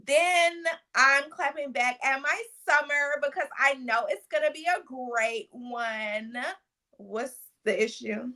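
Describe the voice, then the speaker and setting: A woman's voice: high voice, slow, sharp tone. A woman co-hosting a podcast in casual chat, playful and teasing. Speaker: podcast co-host.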